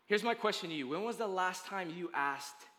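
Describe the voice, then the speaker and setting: A man's voice: high-pitched, animated, moderate pace, bright, forceful tone, long reverb tail. A male pastor preaching a sermon in a casual, emphatic way, with slang and frequent restarts, in a church sanctuary.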